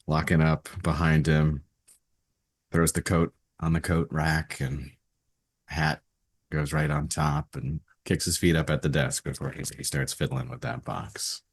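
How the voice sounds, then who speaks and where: A man playing a tabletop role-play game, describing what his character does in the third person. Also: very deep voice. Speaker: player.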